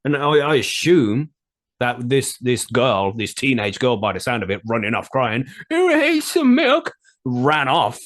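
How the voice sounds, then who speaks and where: A man's voice: mid-range voice, moderate pace, a bit bright. An English man co-hosting a podcast, chatting casually and joking, swearing often and rambling with restarts. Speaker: podcast co-host. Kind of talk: casual comedic chat.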